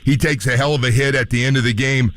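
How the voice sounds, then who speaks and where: Man, radio host, rambling questions, fillers, mid pitch, dry sound. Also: steady tone, fast talker, fairly bright tone, dry recording. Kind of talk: radio interview.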